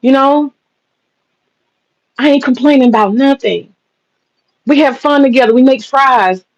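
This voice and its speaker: Heard through dull audio, this high-voiced businesswoman runs a livestream and reads out chat comments. Her talk is slangy, sarcastic and laced with swearing; she laughs a lot and stretches out mock pleas.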